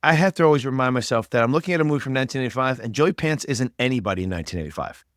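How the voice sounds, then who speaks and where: Fast-talking man in casual movie chat. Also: medium pitch, no room sound, clean studio sound. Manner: fast, animated, talks through his reactions. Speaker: podcast guest.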